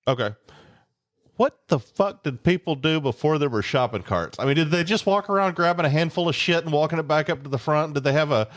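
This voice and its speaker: Rambling man with a raised voice. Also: a little high. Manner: rambling, curses casually, halting with fillers. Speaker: podcast co-host. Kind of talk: casual chat.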